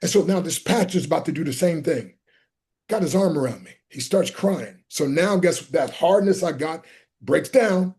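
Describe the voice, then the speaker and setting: A middle-aged American man tells his stories in a fairly high voice and acts out everyone in them. He sometimes breaks into shouts. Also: lively intonation, moderate pace. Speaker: guest speaker. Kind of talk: animated storytelling.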